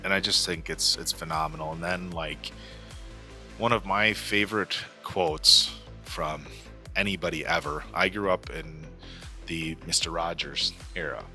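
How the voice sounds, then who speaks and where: A man's voice: deep voice, fairly even intonation, unhurried, pushed and bright, faint music behind. A man in his forties hosting a movie reaction, talking casually and earnestly with many fillers and restarts. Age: 40s. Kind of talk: casual chat.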